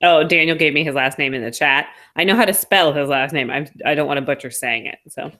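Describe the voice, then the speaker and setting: A woman's voice: deep voice, fast, bright, forceful tone. A woman co-hosting a podcast, talking in an easygoing, self-deprecating way. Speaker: podcast co-host. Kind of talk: casual chat.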